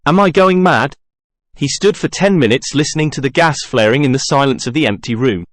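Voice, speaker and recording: A man reading a classic novel aloud as a narrator, in an even, measured way with little character acting. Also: medium pitch, no echo, clean studio sound. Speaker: audiobook narrator. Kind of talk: scripted narration.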